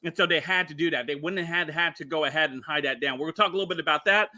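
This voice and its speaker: High, bright-voiced man rambling on a stream. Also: fast talker. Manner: rambling, chuckling, many filler words. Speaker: livestream commentary host. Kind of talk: casual political commentary stream.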